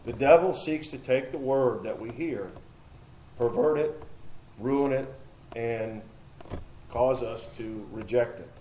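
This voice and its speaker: Mellow-voiced man teaching a Bible study. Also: mid-range voice, slow pace, long pauses, roomy sound, slight background noise, rough recording. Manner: earnest, repeats phrases, asks rhetorical questions. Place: church meeting room.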